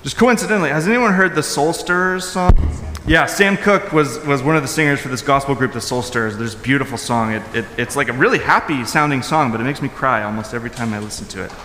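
A male pastor giving a conversational sermon. He talks informally with fillers and restarts, and swings from loud, high emphasis to soft, low asides. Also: fast talker, background noise. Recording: echoey hall with long reverb.

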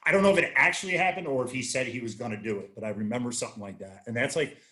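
Man, 30s, casual chat, rambling profane storyteller, bright tone, average pitch. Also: very fast. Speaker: podcast guest, army veteran.

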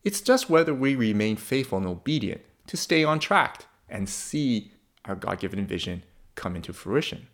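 A man's voice: on the low side, sing-song, moderate pace. A man preaching a sermon in a conversational, humorous way, asking the congregation questions.

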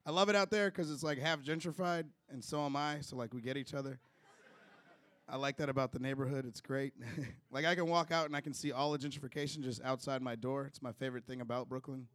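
A man's voice: mid-range voice, quick pace, fairly bright tone, no room sound. A young man from Chicago doing a loose, chatty stand-up set with crowd work, chuckling through his own jokes. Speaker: stand-up comedian.

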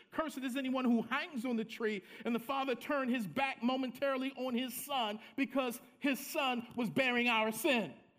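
A man preaching a sermon as pastor, with dramatic swings from soft low asides to loud, high cries.

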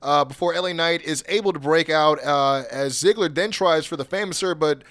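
Animated man recapping wrestling. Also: on the high side, moderate pace. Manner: animated, acts out wrestlers' promos in put-on voices, laughs often. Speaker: podcast co-host. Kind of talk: casual wrestling recap chat.

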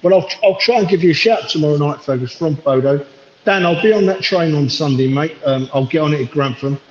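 A man calling in to a fan chat show from a train platform, talking in a warm, rambling, affectionate way. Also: fairly high pitch, fairly quick, a little hiss or hum. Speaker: caller on a fan podcast. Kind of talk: casual chat. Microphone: phone. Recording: echoey, muffled phone call from far off.

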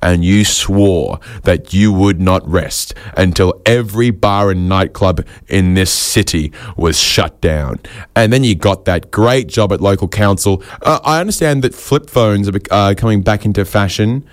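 A man delivering a rambling comic monologue full of quick asides and self-mocking jokes. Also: on the low side, no echo, clean studio sound. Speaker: comedian host.

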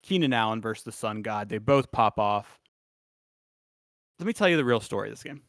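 A man's voice: on the low side, fairly quick, no echo. Laid-back man in dry sports chat. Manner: animated storytelling, laughs often. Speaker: podcast co-host.

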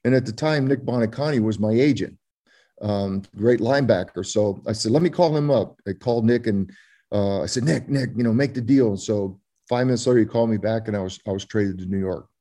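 A man's voice: lowish voice, a little fast, mellow. An older man from Florida, a former ballplayer telling stories in an interview, rambling with many fillers and restarts. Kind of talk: storytelling interview.

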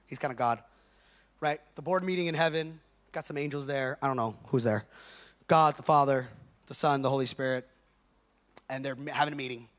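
A man's voice: medium pitch, brisk, long pauses, fairly bright tone. A male pastor preaching a conversational, joking sermon in slangy everyday talk to a live congregation. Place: church service with a live congregation.

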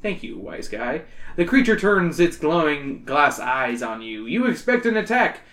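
A man's voice: fairly high pitch, very animated, measured pace, a bit bright. Joking man reading aloud in an echoey room. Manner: joking, crude asides. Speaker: podcast host reading a gamebook aloud. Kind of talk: comedic read-aloud with banter.

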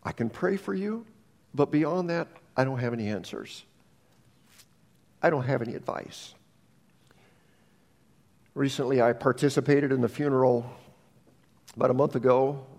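A man's voice: medium pitch, normal speed, long pauses, darkish tone. A man preaching a sermon as pastor, telling stories earnestly and often restarting his sentences. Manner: earnest storytelling with frequent restarts. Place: church sanctuary. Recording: long reverb of a church hall.

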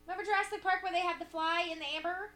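A woman's voice: very high-pitched, steady tone, racing, roomy sound, a crowd in the background. A woman co-hosting a casual comedic chat, profane and full of dry wisecracks. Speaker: podcast co-host.

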